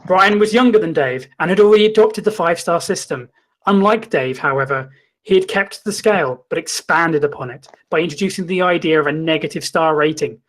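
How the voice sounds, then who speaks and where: A man hosting a comedy show, reading a mock-documentary story in a deadpan, mock-dramatic way. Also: fairly high pitch, a little fast. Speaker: comedy host. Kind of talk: mock-documentary comic narration.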